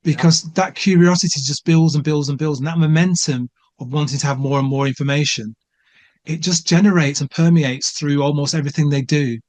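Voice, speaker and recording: A man's voice: a little high, fairly even intonation, fairly quick, a little mellow. Bloke co-hosting a podcast, keen, repeats words while he thinks. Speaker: podcast co-host. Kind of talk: casual chat.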